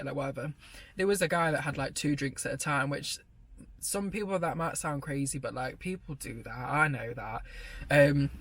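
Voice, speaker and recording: A man's voice: fairly high pitch, fairly bright tone, slightly rough. A young man vlogging, telling a gossipy story in a sweary, sarcastic way and laughing often, filmed on a phone camera. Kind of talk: casual storytelling mukbang.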